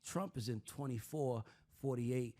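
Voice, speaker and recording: Speaking at a measured pace in a medium-pitched voice, this man hosts a laid-back panel podcast. His talk is streetwise and full of swearing, and he gets animated, imitating others' voices to make his points.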